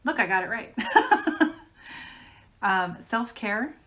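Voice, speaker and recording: A woman's voice: a little high, expressive, slow pace, a bit bright. A woman giving a casual tarot reading, talking frankly in a chatty way and laughing often. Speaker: tarot reader.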